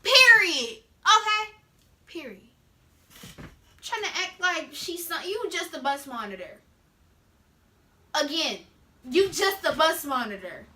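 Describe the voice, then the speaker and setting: A teenage girl telling a story in a casual, animated way, acting out the scenes with sound effects. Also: sits high, a little slow, long pauses. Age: teens. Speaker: vlogger.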